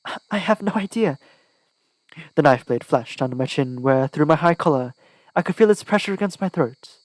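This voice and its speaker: A man's voice: mid-range voice, lively intonation, a little fast, no room sound, low-quality recording. A man narrating an audiobook in the first person with a dramatic, tense delivery. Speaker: audiobook reader.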